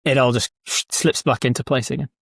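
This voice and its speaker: Brief: a male dungeon master guest, rapid animated chatter, dry close-miked sound. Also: mid-range voice, vocal fry, no echo. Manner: animated, quick and self-correcting. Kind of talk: casual conversation.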